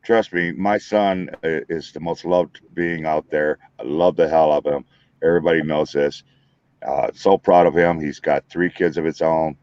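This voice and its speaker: An older man, a podcast guest, talking in a halting way, with restarts, about family. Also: a bass voice, steady tone, darkish tone, dry recording, dull audio. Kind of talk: casual chat.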